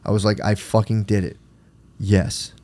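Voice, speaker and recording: A man's voice: lowish voice, flat delivery, moderate pace, a little mellow. A man in his thirties co-hosting a casual podcast, telling stories with lots of swearing and "dude". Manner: swearing storyteller, says "dude" constantly. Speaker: podcast co-host. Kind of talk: casual chat.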